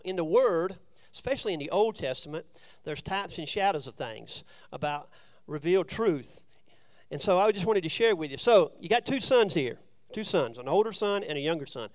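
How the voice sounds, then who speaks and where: A man's voice: fairly high pitch, lively intonation, moderate pace. A man preaching, who reads scripture aloud and then explains it in plain, conversational asides. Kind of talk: sermon with scripture reading.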